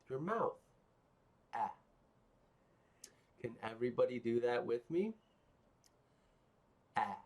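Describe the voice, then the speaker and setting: A man teaching phonics to young children, patient and encouraging, repeating sounds for them to copy. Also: medium pitch.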